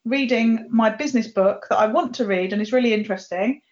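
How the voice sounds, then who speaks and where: Chatty woman, somewhat high voice. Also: a little fast, a little mellow. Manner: chatty, self-mocking, laughs often. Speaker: podcast host. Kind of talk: casual chat. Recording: dull lo-fi audio.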